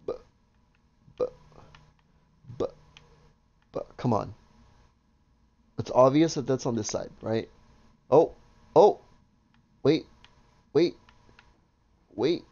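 A man narrates his own gameplay in loose, excitable commentary, cursing freely and calling out to his viewers. His voice sits at an ordinary middle pitch. The recording sounds a little dull and lo-fi. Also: very slow, pauses often. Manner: excitable, swears often, talks to viewers. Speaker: gaming video host. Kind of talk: casual let's-play commentary.

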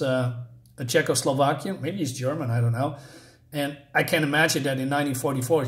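Man, comic book walkthrough, casual, halting, lots of fillers, self-deprecating. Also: mid-range voice. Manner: hesitant, many fillers and self-corrections; chatty, laughs at himself.

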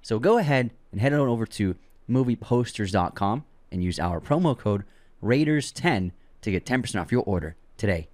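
A man's voice: fairly low pitch, animated, normal speed, darkish tone, no echo. A man co-hosting a movie podcast, reading ads and playing quiz games in an easygoing way. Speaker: podcast co-host. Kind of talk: casual chat and ad reads.

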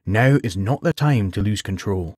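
A man's voice: on the low side, lively intonation, normal speed, darkish tone, slightly rough, no room sound, studio quality. A man voicing a stern inner conscience. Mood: warning.

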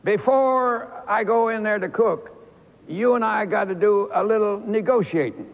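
A man's voice: high voice, measured pace, big-room sound, narrow, tinny audio. An older man voicing a shrewd young woman cook in a boldly bargaining tone within a sermon story. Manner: bold, bargaining.

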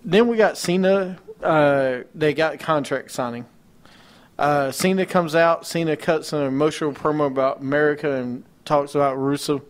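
A man's voice: a little high, moderate pace. A man co-hosting a casual wrestling talk show, rattling off match cards and ranting with mocking disbelief. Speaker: podcast co-host.

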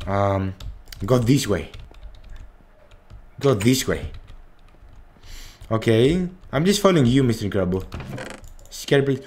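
A man commentating a horror game, swearing freely and breaking into panicked shouts at the scares. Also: mid-range voice, expressive, a little slow, long pauses. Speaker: gaming channel host.

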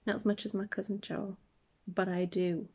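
A woman's voice: mid-range voice, level tone, moderate pace, dark tone, slightly rough. A middle-aged woman from the UK hosting a podcast, chatting casually and enthusiastically about shows she loves, rambling with asides. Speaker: podcast host. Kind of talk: casual chat reviewing shows.

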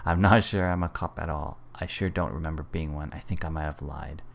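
Low-voiced man giving playful game commentary. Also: steady tone, a little fast, vocal fry. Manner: playful, amused, reading choices aloud. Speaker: gaming video host. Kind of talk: casual gameplay commentary.

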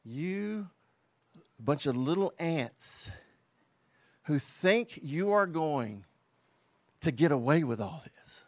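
A man voicing God as a scornful male figure who mocks rebellious rulers, spoken low and quiet. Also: animated, slow pace, long pauses, no room sound, exaggerated voice. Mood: mocking.

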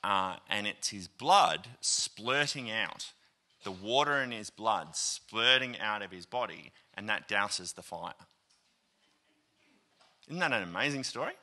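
An Australian man preaching in a church, pitch jumping around as he tells a story. His tone is bright and forceful, and he breaks into quoted voices, filling the gaps with ums and uhs. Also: unhurried. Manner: animated, acts out quoted voices, many fillers. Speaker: pastor. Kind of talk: storytelling sermon. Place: church auditorium.

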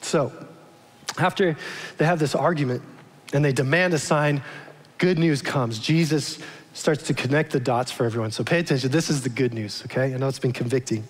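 Speaking at normal speed with a medium-pitched voice, a male pastor preaches casually in a large church, often posing questions to the people listening. The recording carries long church-hall reverb.

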